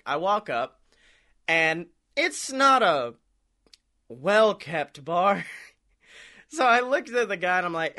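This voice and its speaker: A man with a high, bright, sharp voice tells a rambling story on a podcast. He swears freely, laughs a lot and acts out what people said to him. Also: animated, a little slow. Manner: rambling, profane, laughs often, acts out quotes. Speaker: podcast co-host. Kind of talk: casual storytelling chat.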